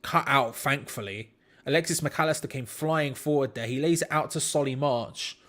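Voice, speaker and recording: A man's voice: mid-range voice, normal speed, a bit bright. A man hosting a live football watch-along, commenting on play to his chat in disbelief and laughing at bad defending.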